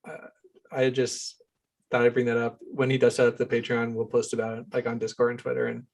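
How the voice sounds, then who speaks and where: A man's voice: mid-range voice, completely flat delivery, a little fast, creaky. A man co-hosting a book podcast, rambling in casual chat with many filler words. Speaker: podcast co-host.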